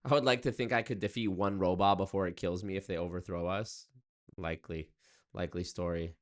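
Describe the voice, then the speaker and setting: A man's voice: deep voice, fairly even intonation, fast. A young man chatting loosely with his viewers on a stream, rambling and swearing. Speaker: streamer reacting to chat. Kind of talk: casual livestream chat.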